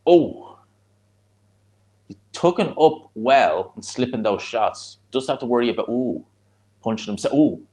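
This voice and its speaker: A Dublin man from Ireland hosts a live watch-along, giving casual fight commentary and answering chat between reactions in a chatty, blunt, rambling way. His voice is medium-pitched, animated and darkish in tone, unhurried, with frequent pauses.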